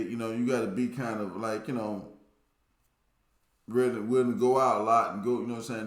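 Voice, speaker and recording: Brief: male host, casual reaction talk, rambling slang, roomy echo. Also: medium pitch. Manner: rambling, filler-heavy slang.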